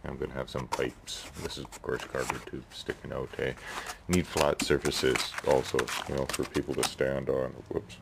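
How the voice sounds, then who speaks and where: A man's voice: rumbling low, flat delivery, moderate pace, vocal fry, noisy background. A man rambling casually about his neighbors and his hobby build in his workshop, tagging sentences with "eh". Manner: rambling, chatty, tags sentences with "eh". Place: home workshop shed.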